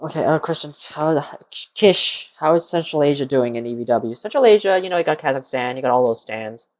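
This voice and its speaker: A man's voice: on the high side, expressive, a little fast. A tired young man streaming live from his computer, rambling to himself and answering chat questions in a casual, muttering way. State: tired, yawning.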